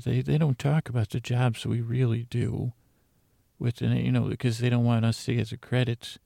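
Gravelly, low-key man as a rambling comic narrator who keeps breaking off into asides. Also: level tone, moderate pace, mellow, no room sound, studio quality. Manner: rambling, self-interrupting, chatty asides. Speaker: fictional narrator. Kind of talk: improvised comedic audio-drama narration.

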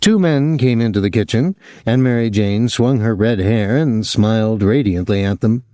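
A man narrating a novel as an audiobook, reading in a deliberate, expressive way. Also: on the low side, no room sound, clean studio sound. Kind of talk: scripted narration.

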